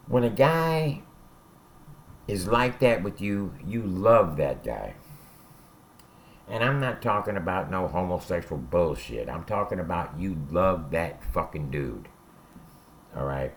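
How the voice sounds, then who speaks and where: A lowish male voice swings up and down a lot as he tells hard stories about life behind bars. He talks bluntly and curses freely, and he keeps tagging his points with "all right?" The delivery is casual and conversational. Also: a bit bright, a little hiss or hum. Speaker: former prisoner telling stories. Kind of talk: casual spoken storytelling.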